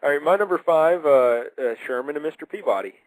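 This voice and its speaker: A man's voice: fairly high pitch, lively intonation, fairly quick, no echo, low-quality recording. A young man hosting a casual radio show, who chats enthusiastically in a rambling way. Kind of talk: casual chat.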